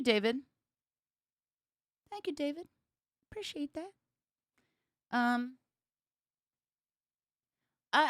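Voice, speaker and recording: A woman's voice: fairly high pitch, fairly bright tone, dry recording, clean studio sound. Bubbly woman chatting on a livestream. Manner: chatty and bubbly, laughs often. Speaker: bass player and livestream host. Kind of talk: casual livestream chat. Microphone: streaming setup with cameras.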